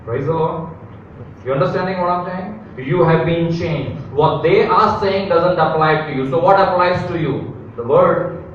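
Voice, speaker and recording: A man's voice: a little high, normal speed, a bit bright, muffled recording, slight background noise. A male pastor preaching a live sermon, emphatic, with repeated phrases and rhetorical questions. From India. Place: large church hall. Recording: very echoey hall, mic at a distance.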